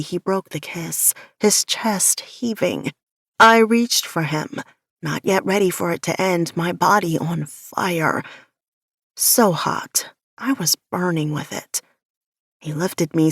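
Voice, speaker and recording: A woman narrating an audiobook in the first person with a measured, softly intimate delivery. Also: lowish voice, dry recording, studio quality.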